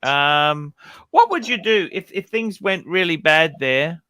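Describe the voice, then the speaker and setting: Bright, chatty male livestream host. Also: fairly high pitch, animated, a little slow, dry recording. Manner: chatty, asks guests questions, swears freely. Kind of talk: casual livestream chat.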